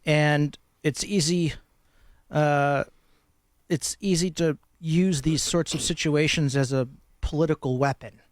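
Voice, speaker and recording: A man hosting a talk radio show, telling a parable and giving impassioned political commentary with emphatic pauses. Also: fairly high pitch, steady tone, no echo. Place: radio studio.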